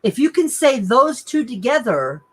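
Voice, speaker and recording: A woman in a casual podcast chat, excitedly telling a personal story with lots of exclamations. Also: a little high, moderate pace, slightly rough, poor audio. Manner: excitable, animated, lots of "oh my God" and "like".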